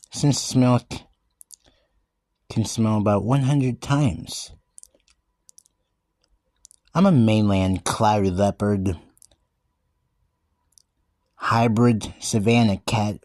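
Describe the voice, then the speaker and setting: A man giving an earnest in-character monologue, talking haltingly with restarted words and often calling out to everyone. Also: on the low side, darkish tone, no room sound, clean studio sound. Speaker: vlogger describing himself as a wildcat.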